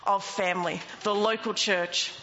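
A woman's voice: mid-range voice, fairly even intonation, measured pace, fairly bright tone. A woman preaching a sermon, emphatic and rising into passionate declarations. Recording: long reverb, dull lo-fi sound, faint noise.

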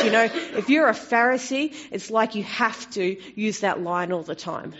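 A woman preaching a sermon in a conversational way, turning expressive when she quotes scripture. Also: fairly high pitch, measured pace, hardly any pauses. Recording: dull lo-fi recording.

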